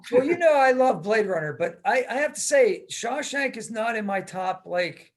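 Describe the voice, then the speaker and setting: A man hosting a casual interview over a video call, chatty and animated, loose with fillers. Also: extremely high pitch, normal speed. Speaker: podcast host.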